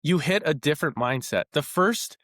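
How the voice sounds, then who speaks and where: A young man telling stories as a podcast guest in a casual, animated, rambling way with many fillers. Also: a little high, normal speed, no room sound, clean studio sound. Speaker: former baseball player guest.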